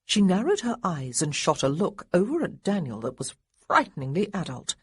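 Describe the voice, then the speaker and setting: Husky, expressive woman audiobook narrator. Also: lowish voice, normal speed, dry recording, studio quality. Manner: expressive, lively character dialogue.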